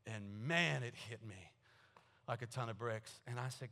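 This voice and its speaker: A man preaching a sermon as pastor, animated and joking, telling personal stories. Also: medium pitch, measured pace. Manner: animated, joking asides, storytelling.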